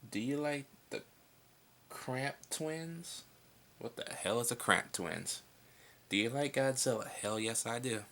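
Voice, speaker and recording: A man's voice: mid-range voice, animated, slow pace, fairly bright tone. A young man answering viewer questions in a casual vlog at home at night. He is laid-back and blunt, and he swears freely.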